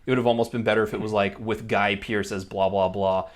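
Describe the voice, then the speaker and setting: A man's voice: lowish voice, level tone, fast talker. A man co-hosting a casual film-discussion podcast, wry and laid-back. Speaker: podcast co-host.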